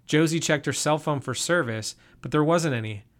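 A man narrating a first-person story in an even, steady reading voice. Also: on the high side, moderate pace.

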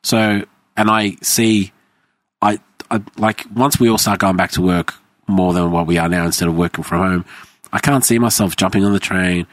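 A man with an Australian accent in casual chat, animated, laughing often and swearing freely. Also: sits low, moderate pace, no echo, studio quality.

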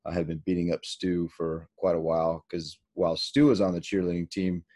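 Deep-voiced man, rambling podcast host. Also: fairly even intonation, brisk, mellow. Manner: rambling, many restarts, joking. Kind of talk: casual interview chat.

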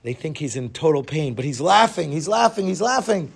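A man telling a comic story in a dramatic way, dropping to a hush for suspense. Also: on the high side, sing-song, brisk, creaky, husky. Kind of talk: told joke story.

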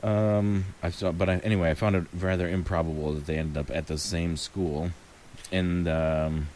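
A man with a remarkably deep, low voice talks through a movie in easygoing chat. He muses aloud, trails off, and laughs lightly between thoughts. A faint hiss sits under the recording. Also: moderate pace. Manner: relaxed, musing, frequent ums and light laughs. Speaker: co-host reviewing a movie. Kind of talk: casual chat.

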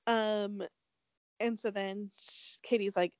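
A woman's voice: medium pitch, expressive, moderate pace, no echo. A young woman, a podcast co-host, recapping a reality show in a chatty, sarcastic way with lots of "like". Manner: chatty, heavy use of "like", swearing, sarcastic. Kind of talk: casual recap chat.

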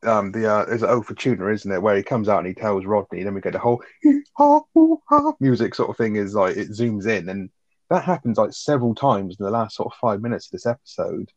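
A man's voice: lowish voice, big pitch swings, fast, no room sound, lo-fi sound. A man co-hosting a casual chat about a sitcom episode, rambling with plenty of fillers and swearing. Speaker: podcast co-host.

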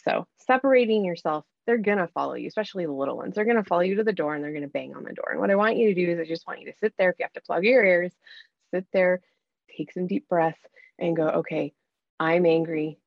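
A woman's voice: on the low side, lively intonation, fast, vocal fry, no echo, muffled recording. A woman giving earnest, coaching advice in a conversational talk, often acting out what to say to yourself.

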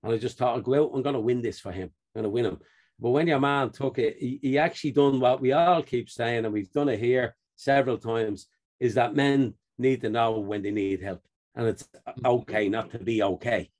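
A man's voice: mid-range voice, brisk, a little mellow. A man co-hosting a podcast, chatting casually and telling stories with frequent laughs. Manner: chatty storyteller who laughs often. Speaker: podcast co-host. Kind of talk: casual chat.

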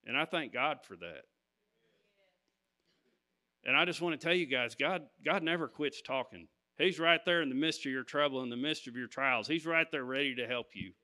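A man's voice: medium pitch, normal speed, pushed and bright. A man preaching, telling a personal story to his congregation and stopping to ask "Amen?". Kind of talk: sermon testimony.

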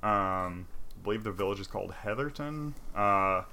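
A man's voice: fairly low pitch, expressive, moderate pace, creaky, sharp tone, a little hiss or hum. A man casually retelling a game's story in loose, profane talk full of fillers.

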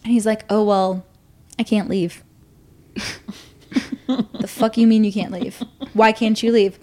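A woman's voice: mid-range voice, steady tone, slow pace, warm tone. A young woman co-hosting a podcast, telling a story casually, swearing freely and acting out what people said. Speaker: podcast co-host.

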